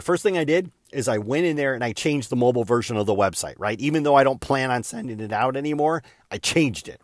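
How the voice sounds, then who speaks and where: Male host, mid-pitched, dry close sound; loose, candid storyteller full of fillers. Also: no room sound. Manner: rambling, frequent fillers and "da, da, da" asides; candid, self-deprecating. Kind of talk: casual storytelling monologue.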